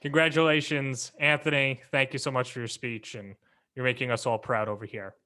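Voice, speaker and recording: Male ceremony host, bright voice, introduces the next speaker. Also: medium pitch, little pitch movement, brisk, smooth.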